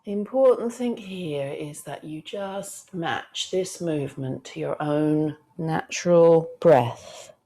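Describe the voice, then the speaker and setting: A woman teacher guiding a yoga class, talking gently and soothingly and counting breaths aloud. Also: low voice, slow, few pauses. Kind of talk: guided yoga class instruction.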